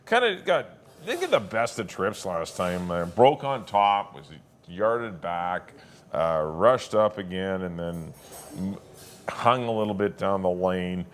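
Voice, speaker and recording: A man giving his horse racing picks in a relaxed, halting way, with plenty of filler words. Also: sits low, a little hiss or hum. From Canada. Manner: relaxed, hesitant with many uhs. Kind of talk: casual racing picks chat.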